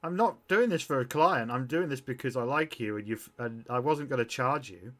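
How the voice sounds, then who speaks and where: A man's voice: mid-range voice, normal speed, natural voice. A man voicing a blunt, worldly female lounge singer who flirts openly. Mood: offended.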